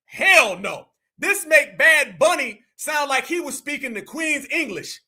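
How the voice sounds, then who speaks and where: A man's voice: very high voice, animated, a little slow, bright, forceful tone. An American man hosting a live stream, giving incredulous, slangy and mocking reaction commentary. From United States.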